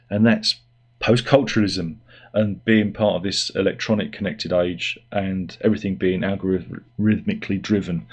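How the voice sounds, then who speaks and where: A middle-aged man giving a rambling, sardonic and self-deprecating opinion monologue as host of his own channel. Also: low voice. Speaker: YouTube host.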